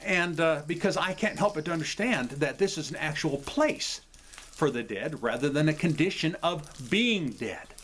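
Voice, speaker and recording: Lively-voiced man rambling through an explanation. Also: fairly high pitch, moderate pace, a little hiss or hum. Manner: rambling, apologetic, often checks in with "okay?". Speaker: video host. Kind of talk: casual explanatory talk to camera. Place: his home.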